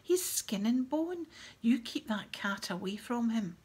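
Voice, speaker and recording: A woman reading as a hot-tempered teenage boy, loud and indignant. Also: lowish voice, moderate pace, slightly rough. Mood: furious. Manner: loud and angry outbursts.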